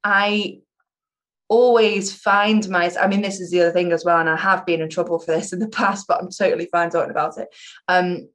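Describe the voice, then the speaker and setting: A woman's voice: fairly low pitch, fairly even intonation, brisk. A young adult woman, an improv performer, talking chattily and animatedly in a casual interview, with self-mocking humor.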